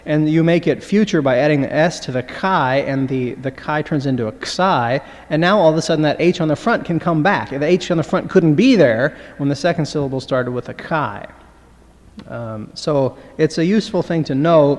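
Male lecturer, slightly high voice, hesitant and full of fillers, in a hall with long reverb. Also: a little mellow. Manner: halting, many fillers, reads Greek slowly. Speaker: Greek teacher. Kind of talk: lecture on New Testament Greek.

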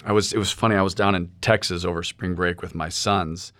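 A man's voice: low voice, fairly even intonation, brisk, a bit bright, no room sound. A middle-aged man from St. Louis, a seminary professor, thinking aloud with fillers while discussing sermon plans on a podcast. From St. Louis, USA.

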